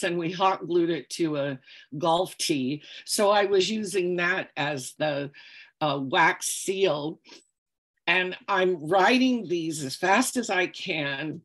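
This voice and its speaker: Slow-talking woman telling a lecture story. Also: fairly low pitch, a bit bright. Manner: chatty, meandering, with frequent ums and laughs. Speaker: calligrapher giving a lecture.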